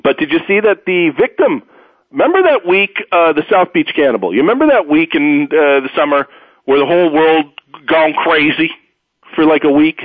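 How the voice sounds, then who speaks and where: Male talk radio host, fairly high and very lively pitch, opinionated rambler; dry, tinny phone-line sound. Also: moderate pace, no echo. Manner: rambling, opinionated, animated storyteller. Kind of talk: sports talk radio monologue.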